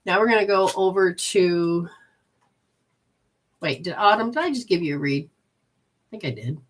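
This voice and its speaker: A woman's voice: fairly low pitch, lively intonation, a little slow. A woman giving live intuitive readings to viewers in a casual, rambling way, with many restarts and sudden quoted voices.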